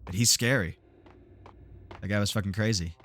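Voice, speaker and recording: A man's voice: fairly low pitch, moderate pace, a bit bright, slight background noise. A man doing casual let's-play commentary, chatty, swearing often and laughing. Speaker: streamer playing a game. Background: game music.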